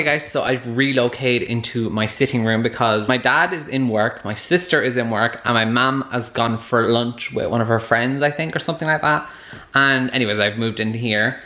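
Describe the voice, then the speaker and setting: A man chatting excitedly at home for a book vlog, gushing about his reading. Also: mid-range voice. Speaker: book vlogger. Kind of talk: casual vlog chat. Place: at home, moving between rooms.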